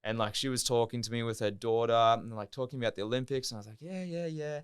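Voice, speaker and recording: A man's voice: mid-range voice, flat delivery, racing, clean tone. A young Australian man, a podcast guest, telling a casual story in a rambling way, full of "like" and swearing. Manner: rambling, heavy use of "like", swears freely.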